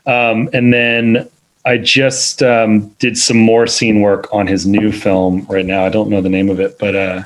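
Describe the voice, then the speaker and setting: A man's voice: lowish voice, little pitch movement, measured pace, rough recording. A man, a film editor, talking casually in an interview, rambling with many fillers and restarts. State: parent of two little kids.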